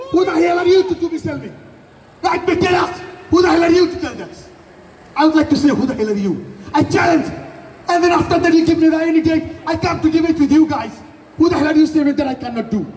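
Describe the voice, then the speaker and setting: A man giving an impassioned protest speech, shouting indignant rhetorical challenges again and again at an outdoor rally. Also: very high voice. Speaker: protest speaker. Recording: echoey distant rally recording. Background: faint crowd and ambient noise.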